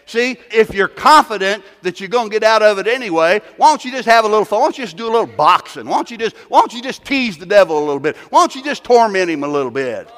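Man, pastor, sermon, high voice, folksy, rhetorical questions, repeats words, long hall reverb. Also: lively intonation, fast talker, hardly any pauses, fairly bright tone.

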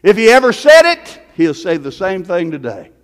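A man with a high voice preaches a sermon from the pulpit, repeating his lines and dropping from loud calls to near-hushed asides. His voice rings out in the long reverb of a large church hall. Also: huge pitch swings, moderate pace. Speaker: pastor. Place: church sanctuary.

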